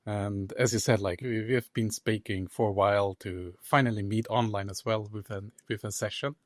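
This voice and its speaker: A man's voice: fairly low pitch, fairly even intonation, moderate pace, dry recording, studio quality. A man from Austria, a native German speaker with an Austrian accent, telling friendly anecdotes as a podcast guest. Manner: friendly, self-deprecating, anecdotal. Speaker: guest, consultant. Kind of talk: casual interview chat.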